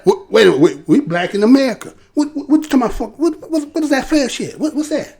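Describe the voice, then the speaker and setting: A man hosting a live-streamed news commentary show, loose and animated, often acting out quotes in a mocking voice. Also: very high-pitched, fast talker.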